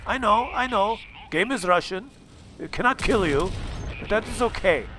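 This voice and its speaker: A man putting on the voice of a gruff tanker who speaks in broken English. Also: high-pitched, animated, normal speed, bright, forceful tone, slight background noise, voice pushed up. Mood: boastful.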